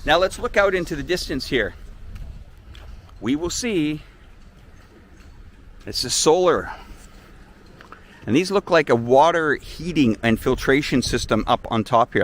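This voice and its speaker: A man hosting a live-stream tour, chatting in an animated, storytelling way from outdoors at a beach resort. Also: on the high side. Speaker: vlogger host.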